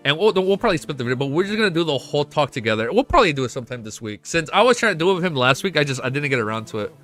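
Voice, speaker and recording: A man hosting a casual livestream chat, excitable and swearing freely, his voice jumping between high and low. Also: rapid-fire, few pauses, faint music behind. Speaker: livestream host.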